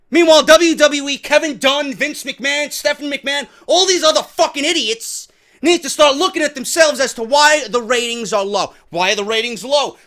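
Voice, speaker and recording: Ranting male commentator, high and bright voice, sarcastic and foul-mouthed. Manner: profane, sarcastic, heated ranting. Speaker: wrestling news commentator.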